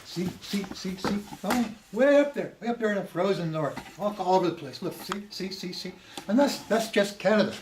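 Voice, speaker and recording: A man talking casually to camera at home, impassioned and profane, swinging from loud bursts to hushed whispers. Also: high-pitched, lively intonation, normal speed, background noise. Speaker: monologuing about strangers and religion. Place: home with maps on the wall. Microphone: handheld camera.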